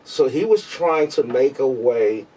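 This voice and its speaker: A man hosting a podcast, arguing in a laid-back way with quick bursts and plenty of swearing. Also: medium pitch, animated, mellow, husky, recorded from a distance. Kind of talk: casual debate chat.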